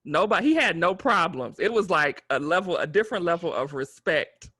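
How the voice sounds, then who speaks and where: A man co-hosting a podcast in casual chat, expressive with playful asides. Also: on the high side, brisk, husky, no room sound, clean studio sound. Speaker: podcast co-host.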